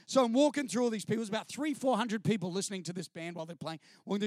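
A man tells a funny story from the stage in an unusually high voice. He is lively and animated, breaks into mimicry of others and laughs mid-sentence. The sound is very dry and close. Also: very fast, hardly any pauses, dry recording. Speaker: speaker sharing a testimony. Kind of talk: comic storytelling to an audience.

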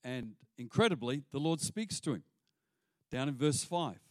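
Speaking at normal speed in a medium-pitched voice, a male pastor delivers a lively sermon and performs the voices he quotes. There's no echo.

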